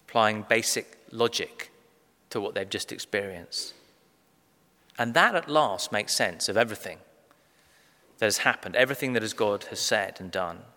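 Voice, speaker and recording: A man preaching a sermon, measured and emphatic, slowing down to stress key phrases. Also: lowish voice, bright, forceful tone. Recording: long reverb of a large hall.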